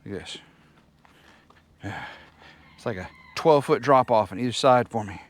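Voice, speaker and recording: In a mid-range voice at a moderate pace, a homestead vlogger strolls his wooded property, giving a loose, folksy tour and teasing his rooster as he goes.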